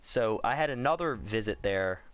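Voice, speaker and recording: A man's voice: lowish voice, expressive, moderate pace. A young man telling a personal story in a casual vlog, candid and rambling, swearing freely and saying "like" a lot. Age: young adult. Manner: candid, profane, rambling, heavy on "like".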